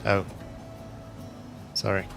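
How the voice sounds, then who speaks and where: A man's voice: drawn-out words, faint music behind. A man streaming a construction game, chatting casually and muttering to himself as he plays. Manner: relaxed, mutters to himself while playing. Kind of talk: casual gameplay commentary.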